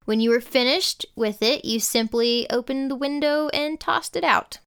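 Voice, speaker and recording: A woman's voice: sits high, normal speed, a bit bright, smooth. A woman co-hosting a casual history podcast, reading out prepared facts and then cracking dry jokes. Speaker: podcast co-host.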